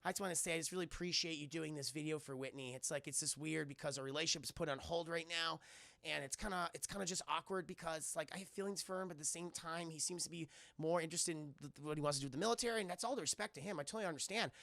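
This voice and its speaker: A man voicing a conflicted teenage girl who talks softly and hesitantly about her relationship. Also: fairly high pitch, racing, creaky, no echo. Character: conflicted teenage girl running a coffee business.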